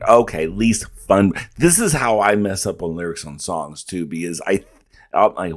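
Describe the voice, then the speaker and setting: Reaction host, male, very low voice, loose rambling delivery with lots of laughing. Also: animated, moderate pace. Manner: laughs often, rambling with restarts. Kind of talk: casual reaction commentary.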